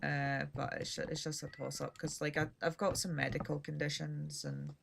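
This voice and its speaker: A woman's voice: low-pitched, level tone, normal speed, vocal fry, noisy background. A Scottish woman from Scotland, chatting casually and rambling with dry humor while she streams a game. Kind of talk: casual chat while gaming.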